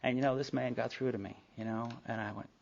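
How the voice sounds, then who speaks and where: A middle-aged man with a creaky, medium-pitched voice and a somewhat dark tone talks quickly and steadily as he tells a meeting about his recovery. He is candid and conversational, full of asides and acted-out dialogue, and the live talk is captured on dull, lo-fi tape.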